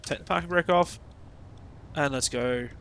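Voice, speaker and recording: A man's voice: a little high, unhurried, fairly bright tone, smooth. An Australian man chatting casually over his gameplay stream, rambling and swearing with sarcastic asides.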